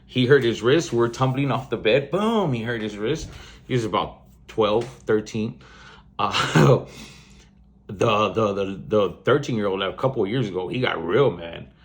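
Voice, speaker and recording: A South Texas podcast host in his forties has a fairly low voice, speaking a little slowly but with animation. In a casual storytelling monologue he rambles bluntly through family stories, swearing freely and laughing midway through.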